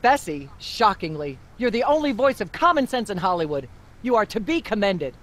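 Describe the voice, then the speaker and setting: A woman's voice: mid-range voice, very animated, normal speed, noisy background, close to an everyday voice. An actress playing a vain, pompous female talk show host who lectures and rambles. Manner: haughty, lecturing, rambling blah-blah tirades.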